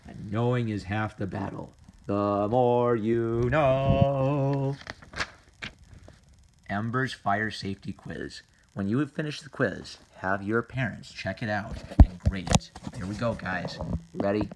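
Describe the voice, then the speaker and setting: A man's voice: on the low side, moderate pace, gravelly, very noisy. Man mock-reading a safety comic. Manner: mock-earnest, reading aloud with silly voices. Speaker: comedy video host. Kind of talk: comedic read-through of a safety comic.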